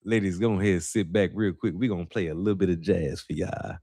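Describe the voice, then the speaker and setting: A man with a St. putting on a smooth, deep late-night radio DJ voice. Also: fairly even intonation, quick pace, dark tone, no room sound, studio quality.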